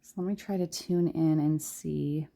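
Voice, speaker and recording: A woman giving a casual pick-a-card tarot reading, chatty and rambling, trailing off with fillers and soft laughs, sometimes talking quietly. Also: deep voice, fairly even intonation, a little slow, creaky. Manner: speaks softly and quietly at times. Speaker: tarot reader.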